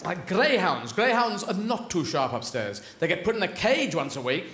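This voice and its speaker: British male stand-up, gravelly edge, roomy live theatre sound, loud crowd behind. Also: sits high, sing-song, normal speed, heavy background noise. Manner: theatrical, rambling, jumps into silly character voices. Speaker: stand-up comedian. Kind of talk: stand-up routine. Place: large theatre stage.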